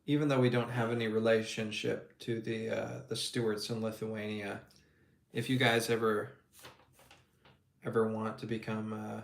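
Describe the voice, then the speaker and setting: A man's voice: on the low side, level tone, normal speed, creaky. A man casually chatting on a livestream while painting miniatures, jokey and rambling, laughing often. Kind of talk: casual chat. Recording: echoey room with faint noise.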